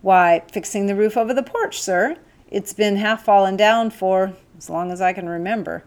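A woman reading an audiobook, voicing a cheerful, simple-hearted male corporal with a bright, chipper delivery. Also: medium pitch, moderate pace, lightly acted.

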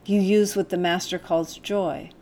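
Calm woman reading an audiobook. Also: on the low side, unhurried, vocal fry. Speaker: audiobook narrator. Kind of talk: audiobook reading of a first-person novel.

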